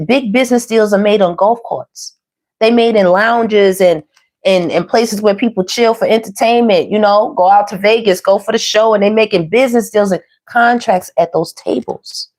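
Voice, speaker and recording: A woman's voice: on the high side, a little mellow. A woman giving a casual tarot reading, chatty and slangy, talking to viewers as y'all and baby. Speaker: tarot reader.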